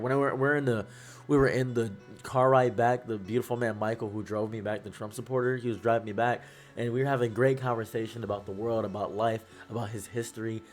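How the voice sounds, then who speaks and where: A man's voice: on the low side, steady tone, faint music behind. Shaken, tearful young man. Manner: halting, repeats himself, trails off. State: upset, close to tears. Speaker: YouTuber. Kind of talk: emotional talk to camera.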